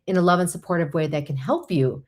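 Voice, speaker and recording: Chatty woman with a lowish voice. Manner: encouraging, practical, chatty with quick asides. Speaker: vlogger host. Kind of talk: casual advice talk.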